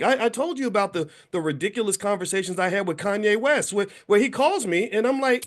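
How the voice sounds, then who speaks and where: Man, 50s, slightly high voice with a lively up-and-down delivery; casual monologue, acts out quoted lines. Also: a little fast, few pauses. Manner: animated storytelling, acts out quoted voices, frequent restarts. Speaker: commentator.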